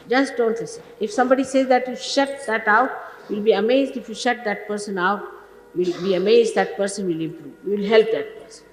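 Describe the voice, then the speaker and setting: An older woman, a spiritual teacher, delivers a stern, emphatic informal sermon to her followers, using rhetorical questions. Her voice is mid-range. The old archive tape carries roomy hall reverb and a little hiss or hum.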